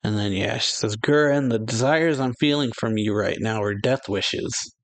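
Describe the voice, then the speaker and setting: A man's voice: lowish voice, normal speed, vocal fry. A man hosting a manga reaction, reading the dialogue aloud in a casual way and laughing often between lines.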